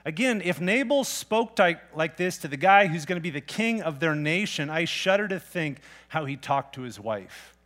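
A pastor delivering a sermon in a relaxed, everyday way of talking. His voice sits a little higher than most men's. He poses direct questions to his listeners and retells scripture in casual words. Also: normal speed, hardly any pauses. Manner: conversational, plain-spoken preaching with rhetorical questions.

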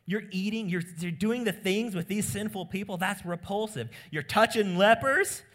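Indignant male religious critics, voiced by a preacher, who sound raised and sharp with disgust. Each line comes out accusing and scandalized. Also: sits high, normal speed, voice pushed up.

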